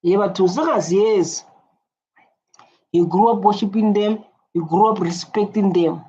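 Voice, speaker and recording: A husky woman gives casual reaction commentary at a slow, unhurried pace. She talks in an animated way and keeps repeating her phrases. The recording sounds dull and lo-fi. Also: mid-range voice. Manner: animated, repeats phrases, many fillers and restarts. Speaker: reaction video host.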